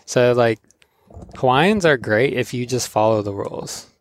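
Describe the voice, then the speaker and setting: A man's voice: mid-range voice, a little slow. Laughing surfer man telling stories. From Florida. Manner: laughing, animated, acts out voices in his stories. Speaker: podcast host, pro surfer. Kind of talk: casual storytelling chat.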